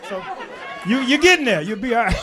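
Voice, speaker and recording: A man performing a stand-up comedy set in a club, working the crowd with loud bursts and low asides. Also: huge pitch swings, brisk. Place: comedy club stage before a laughing crowd. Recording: live club recording with crowd laughter. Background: audience laughter.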